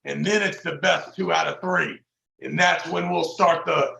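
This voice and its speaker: High gravelly hype-man. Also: fairly even intonation, pushed and bright, roomy sound, poor audio. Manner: hype-man exclamations, drawn-out emphatic delivery. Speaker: podcast host. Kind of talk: casual chat about arm wrestling.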